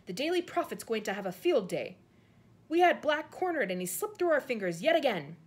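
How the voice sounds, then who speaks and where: A woman's voice: on the high side, sing-song, a little fast, slightly rough, voice pushed up. A woman voicing a flustered, blustering male government minister. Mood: fretful. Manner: blustering, barking.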